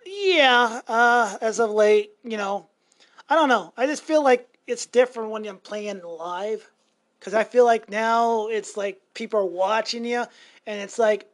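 A woman's voice: fairly high pitch, measured pace. Rambling, foul-mouthed woman podcaster. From Montana, USA. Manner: rambling, crude joking, swears freely. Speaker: podcast co-host. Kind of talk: casual podcast chat.

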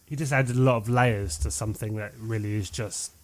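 A man's voice: fairly low pitch, fairly even intonation, a little fast. A man in casual conversation about films, rambling and trailing off, with frequent swearing. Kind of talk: casual film chat.

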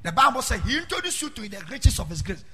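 A middle-aged man preaching a sermon and telling his own story, half-singing his phrases and breaking into shouts. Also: very high voice, very animated, fast talker. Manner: fervent, half-sung cadences, bursts into shouting. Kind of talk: sermon with personal testimony.

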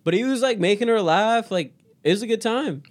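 A man on a podcast chiming in casually with quick agreeing interjections. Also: high voice, animated. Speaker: podcast guest.

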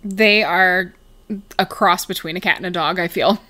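A woman's voice: on the low side, moderate pace, heavy background noise. A woman co-hosting a podcast in casual chat, jokey and laughing often. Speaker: podcast co-host.

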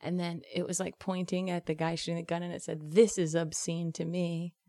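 A woman's voice: on the low side, level tone, a little fast, dark tone, dry recording, studio quality. A woman comedian telling loose, laid-back stories in casual chat, swearing and calling people "man". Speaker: comedian guest.

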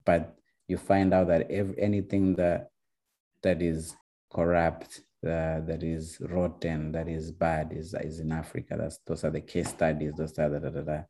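A young man from Rwanda telling his story in a casual, halting way, with many restarts and fillers. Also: a bass voice, monotone, mellow. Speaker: guest.

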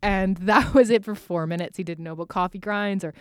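A woman's voice: mid-range voice, a little fast, clear, resonant tone, dry recording, clean studio sound. A woman talking as a podcast guest, giggly and nervous, swearing freely in casual chat. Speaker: podcast guest, former TV host. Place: podcast recording space.

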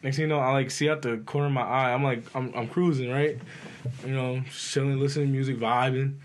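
Young Philly guy, mid-pitched, casual swearing storyteller, faint hiss behind. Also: fairly even intonation, fast talker. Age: 20s. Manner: laid-back storytelling, lots of swearing. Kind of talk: casual chat.

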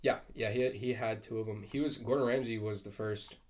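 Chill young dude rambling on a podcast, low voice, lots of likes and ums. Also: male voice, steady tone, fairly quick, darkish tone. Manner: laid-back, rambling with many fillers. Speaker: podcast co-host. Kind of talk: casual chat.

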